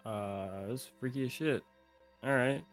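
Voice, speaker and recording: Loud sweary player, flustered and jokey, chatting in character. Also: mid-range voice, moderate pace, faint music behind. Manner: brash, swearing, flustered and joking. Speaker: tabletop game player. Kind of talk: casual in-character role-play.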